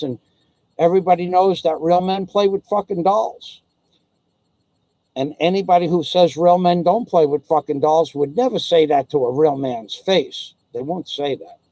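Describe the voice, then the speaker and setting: A man's voice: fairly high pitch, warm tone, no echo, poor audio. A man hosting his own video channel, ranting in a crude, rambling way full of swearing. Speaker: YouTube vlogger. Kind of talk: profane comedic rant.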